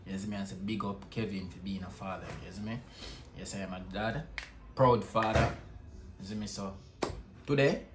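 A Jamaican man with a lowish voice chats casually as a family vlogger, talking to viewers at home and repeatedly checking in with "you see me?" The room is echoey, with music behind him and slight background noise.

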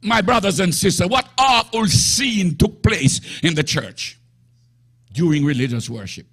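A man preaching a sermon emphatically, often rising to shouts. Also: high-pitched, expressive, unhurried, husky.

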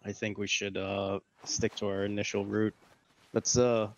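A man's voice: on the low side, level tone, a little slow, muffled recording. A man leading a squad over voice chat in a military shooter, giving short orders with some restarts. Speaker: squad leader. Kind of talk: military game voice comms.

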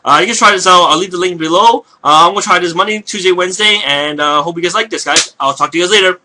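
A man giving casual live commentary on a video game he is playing, hoarse from losing his voice, talking in a rambling, hesitant way full of fillers and restarts. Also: high-pitched, fast talker, sharp tone.

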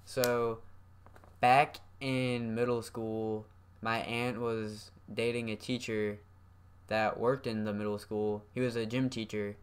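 A man's voice: on the low side, little pitch movement, slow, clean tone. Profane rambling young man telling a story. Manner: profane, rambling with many fillers. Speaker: vlogger. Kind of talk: casual storytelling.

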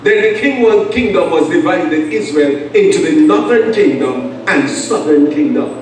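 Antiguan male pastor, high voice, emphatic call-and-response sermon, distant mic, echoey church. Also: expressive, slight background noise. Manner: emphatic preaching with call-and-response and long pauses. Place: church sanctuary. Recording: echoey church sound from far off.

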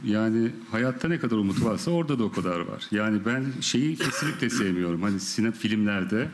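A man with a Turkish accent, a film director answering at a press conference in halting English, full of fillers and laughing often. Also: lowish voice, expressive, a little hiss or hum.

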